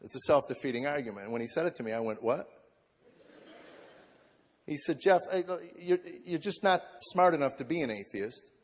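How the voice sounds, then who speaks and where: Speaking at a normal pace with a mid-range voice and lively intonation, a man in his forties tells a live audience a heartfelt story from his own life. He's a comedian offering testimony, performing the quoted voices of others with earnest sincerity, all echoing in a long hall reverb.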